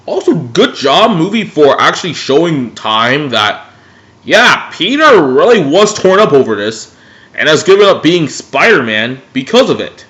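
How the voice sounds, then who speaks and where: A man casually reviewing superhero movies in an excitable way, swearing freely. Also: on the high side, a little slow. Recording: dull lo-fi recording.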